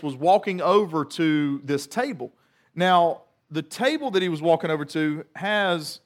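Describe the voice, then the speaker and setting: A middle-aged man and pastor delivering a sermon as an animated storyteller who repeats words in bursts. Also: on the high side.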